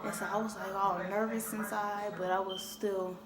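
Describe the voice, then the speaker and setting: A woman's voice: medium pitch, little pitch movement, normal speed, over a noisy crowd. A young adult woman casually rambling through a personal story as a vlogger, in a loose, conversational way. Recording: echoey room with loud background noise.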